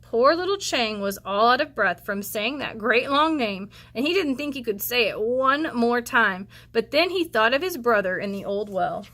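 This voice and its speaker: Bright, high-voiced woman teacher. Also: expressive, normal speed, few pauses. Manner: encouraging, chatty asides. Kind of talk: reading a storybook aloud to children.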